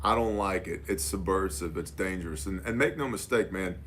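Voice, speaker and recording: A man's voice: low voice, brisk, slight background noise. A man and business owner telling a casual story, acting out the dialogue with "I'm like" and "she's like.". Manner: animated, quotes dialogue with "I'm like".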